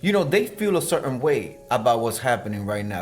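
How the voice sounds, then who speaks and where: A man's voice: medium pitch, sing-song, a little fast, faint music behind. A man co-hosting a casual podcast, talking through the week's political news with a rambling, joking delivery and lots of fillers. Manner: rambling, joking, breaks into laughter, mock newscaster bits. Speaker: podcast co-host. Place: room with blue lighting.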